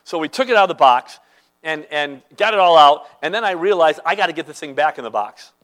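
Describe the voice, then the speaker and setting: A man's voice: on the high side, expressive, fairly quick, fairly bright tone, poor audio. A man preaching a sermon as a pastor, earnest and conversational, telling everyday stories to make his point.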